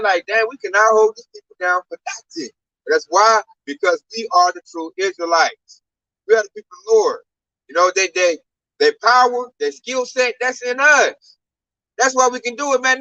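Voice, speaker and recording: Man, high bright voice, emphatic slangy talker, distant dry recording. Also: moderate pace, dry recording, highs cut off. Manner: emphatic, slangy, animated storytelling. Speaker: discussion speaker. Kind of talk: casual religious discussion. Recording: distant mic, dry sound.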